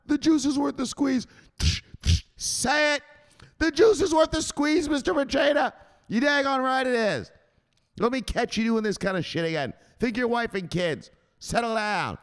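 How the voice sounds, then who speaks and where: A man's voice: high voice, fairly bright tone, clean tone, voice pushed up. A man playing a tough male enforcer in a comic skit, barking orders and scolding.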